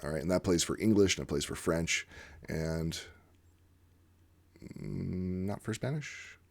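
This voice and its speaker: Deep-voiced man rambling with enthusiasm. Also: fairly even intonation, brisk. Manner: rambling and enthusiastic, with frequent fillers. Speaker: channel host discussing language teaching; former literacy teacher. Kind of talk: casual unscripted monologue.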